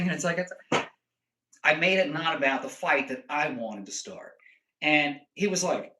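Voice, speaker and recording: A young man chatting casually with his stream viewers and rambling through animated stories full of fillers. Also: a little high, normal speed, rough recording. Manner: rambling, animated storytelling full of "like" and "you know".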